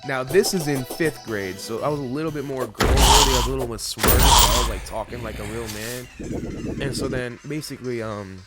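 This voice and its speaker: A man's voice: medium pitch, a little fast. A young man in his teens telling a rambling, laughing story with plenty of swearing while he plays a game. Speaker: gaming channel host. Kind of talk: casual storytelling over gameplay. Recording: loud game music behind voice. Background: loud game music.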